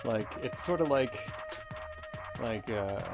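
Man, let's play commentary, rambling, deadpan absurd humor, pitch jumping all over. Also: slow, loud music behind the voice. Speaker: gamer.

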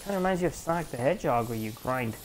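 A man's voice: mid-range voice, lively intonation, very fast. A man doing live commentary over a video game, chatty, swearing a lot and breaking into frustrated outbursts. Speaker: let's play gamer. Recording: gameplay audio with loud game noise.

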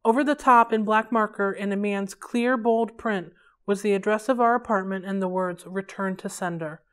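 Library read-along reader, woman, steady clear storytelling. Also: medium pitch, moderate pace. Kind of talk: reading a novel aloud.

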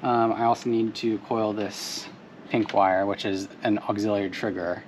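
A man's voice: fairly low pitch, steady tone, moderate pace, noisy background. A man in a casual how-to vlog, explaining step by step with fillers while working on a truck in a driveway outdoors.

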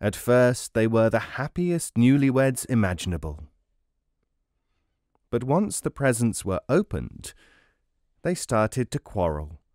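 Slow, expressive male storyteller. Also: mid-range voice, no room sound, studio quality. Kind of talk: read-aloud storybook narration.

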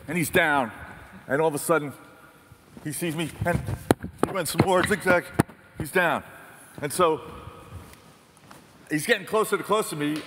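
A man speaking on stage as a photojournalist, telling war stories in an animated, self-deprecating way. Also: fairly high pitch. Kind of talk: storytelling talk on stage. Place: large theatre hall. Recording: distant reverberant hall, faint noise.

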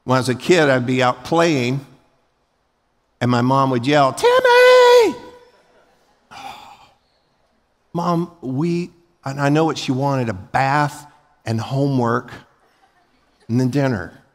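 A man's voice: medium pitch, unhurried, pauses often. A man preaching a sermon as pastor, emphatic and folksy, acting out short everyday scenes. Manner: emphatic, rising to loud peaks. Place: large church sanctuary. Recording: long hall reverb.

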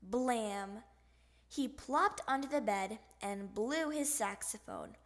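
A woman reads a picture book aloud in a high, lively voice that swoops up and down. She takes her time, savoring each sound effect and line. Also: unhurried. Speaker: storybook reader.

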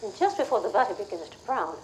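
Close to an everyday voice, this medium-pitched woman speaks fast and sing-song over a noisy background. She is an actress in a 1960s television drama portraying a cooking show guest, a tall, cheerful, exuberant TV cook in her fifties, chipper, theatrical, warbling, and sprinkling in French.

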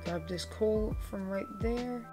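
A woman with a gravelly voice giving chatty, laid-back, self-mocking commentary over her gameplay. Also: mid-range voice, slow. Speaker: gaming video creator. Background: background music, keyboard typing.

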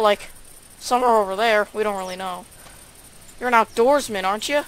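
A woman's voice: mid-range voice, a little fast, fairly bright tone, low-quality recording. Sarcastic woman grumbling through a game. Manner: sarcastic, grumbling, talks to herself. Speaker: gaming YouTuber. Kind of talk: casual let's-play commentary.

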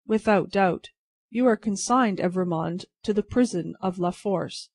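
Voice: mid-range voice, unhurried, darkish tone. A reader doing a curt hard officer. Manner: stolid, clipped.

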